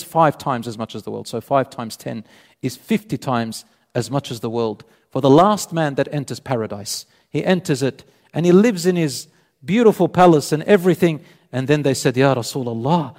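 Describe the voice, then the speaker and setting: A man preaching a sermon, retelling a story with animated delivery and voicing both sides of the dialogue. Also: on the high side, fairly quick. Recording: long hall reverb.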